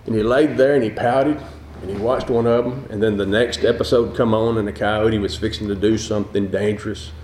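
A man's voice: lowish voice, fairly even intonation, brisk, a little mellow, a little hiss or hum. An older man preaching a sermon in a folksy, conversational way, asking his listeners rhetorical questions. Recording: echoey room.

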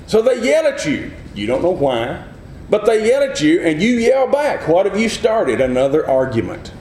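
A man's voice: high-pitched, big pitch swings, a little mellow. Man preaching a sermon in an echoey room. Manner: earnest teaching, asks the listeners questions, acts out quick replies.

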